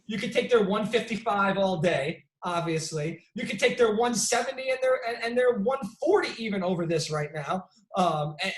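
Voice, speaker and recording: Animated male sports show host. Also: sits high, roomy sound, rough recording. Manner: animated storyteller, frequent restarts. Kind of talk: casual sports debate.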